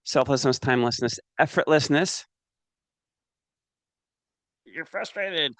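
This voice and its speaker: Gravelly energetic male seminar trainer. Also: on the high side, slow pace, no room sound. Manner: energetic, coaxing audience participation. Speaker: business trainer.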